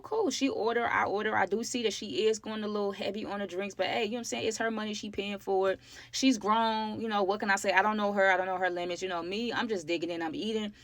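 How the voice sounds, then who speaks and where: A young woman, chatting through a storytime to her viewers, slangy and lively, calling them y'all. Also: medium pitch, no room sound. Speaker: storytime vlogger. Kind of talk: casual storytelling to camera.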